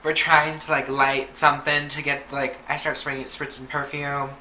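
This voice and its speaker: A young woman chats through a casual storytime vlog, loose and profane, with "like" in every other phrase. Her voice is bright and forceful. The room rings with a roomy echo over faint noise. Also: low-pitched, level tone, moderate pace, hardly any pauses. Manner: chatty, heavy on "like" and swearing. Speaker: vlogger.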